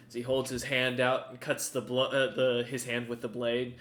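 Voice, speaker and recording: A man narrating as game master in a tabletop game, casual and halting with many fillers. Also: medium pitch, completely flat delivery, fairly bright tone, roomy sound.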